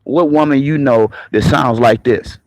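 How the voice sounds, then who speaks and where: A man with a raspy voice, an online commentator delivering a confrontational, profane, mocking rant on a live stream. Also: medium pitch, measured pace, no room sound, low-quality recording. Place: moving around on the go, patchy signal.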